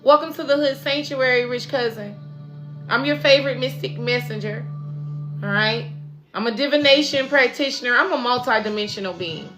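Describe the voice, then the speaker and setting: A woman's voice: fairly high pitch, moderate pace. A woman giving an oracle card reading to her audience, emphatic and preachy, with casual slang. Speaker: spiritual reader. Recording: music playing behind.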